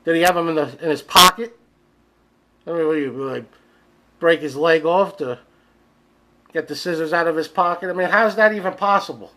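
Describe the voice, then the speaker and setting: A man rants through strange news stories on a comedy podcast, his bright, slightly high voice full of disbelief. He swears freely and sometimes shouts as he acts out the people involved. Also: fairly quick, long pauses, low-quality recording. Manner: incredulous, ranting, profane. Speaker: podcast host. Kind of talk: comedic rant.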